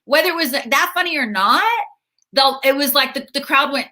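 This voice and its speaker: Middle-aged woman stand-up, bright and forceful tone, rambling animated storyteller. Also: sits high, fairly quick. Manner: animated storyteller with lots of repeats and restarts. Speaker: stand-up comedian guest. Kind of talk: casual interview chat.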